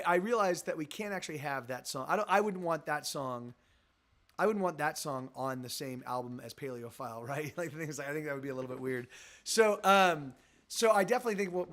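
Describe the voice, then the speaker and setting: A man's voice: on the high side, fairly bright tone. A man, a musician streaming live, chatting loosely with his viewers between songs, rambling and thinking aloud as he thanks them.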